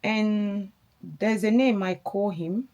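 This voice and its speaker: A woman's voice: medium pitch, slow pace, dark tone, muffled recording. A young adult woman, chatting candidly and rambling a little as she tells a personal story in a get-ready-with-me vlog. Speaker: vlogger.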